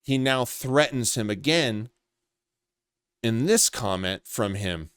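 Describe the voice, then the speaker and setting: A man's voice: medium pitch, animated, slow, a bit bright, clear, resonant tone, no room sound, studio quality. A man delivering a contemptuous, accusatory commentary rant, swearing as he goes. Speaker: commentary vlogger. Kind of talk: ranting commentary.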